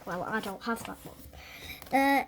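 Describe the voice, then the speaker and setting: A British speaker showing books on a casual vlog, thinking aloud with many fillers and pauses while flipping through pages. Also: medium pitch, fairly bright tone, slight background noise. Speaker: book collector vlogger. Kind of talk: casual show-and-tell.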